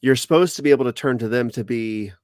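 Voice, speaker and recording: A man chatting casually on a podcast, mostly quiet and agreeable, with short replies. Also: medium pitch, quick pace, no room sound, clean studio sound. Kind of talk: casual chat.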